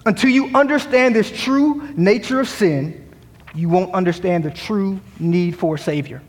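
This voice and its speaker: A man with a notably high voice preaches to his congregation, building emphasis as he quotes scripture and drops in wry jokes. His voice rings out with a long reverb from the church sanctuary. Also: normal speed. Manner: humorous asides. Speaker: pastor. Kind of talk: sermon.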